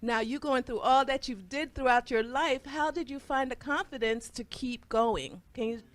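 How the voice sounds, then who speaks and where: A woman with a slightly high voice asks a guest questions on a talk show panel. She speaks in an earnest, measured way. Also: no room sound. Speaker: panel co-host asking questions.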